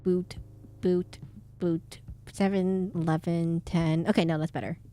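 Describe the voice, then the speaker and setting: A woman streamer chatting casually while playing a game, rambling through an animated retelling with frequent restarts and self-corrections. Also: on the low side, a little slow.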